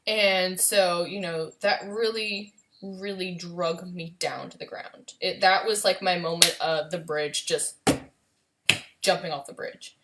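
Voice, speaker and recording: Woman, twenties, slightly low pitch, halting, emotional, personal vlog storytelling. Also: fairly even intonation, noisy background. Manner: halting, emotional, many pauses and fillers. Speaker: vlogger.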